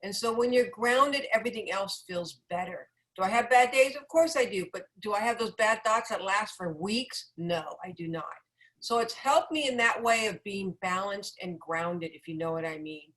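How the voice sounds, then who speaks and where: A woman's voice: medium pitch, fairly bright tone, low-quality recording. A woman chatting casually about her own experience, emphatic and laughing often. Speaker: product user sharing her experience. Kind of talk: casual testimonial chat.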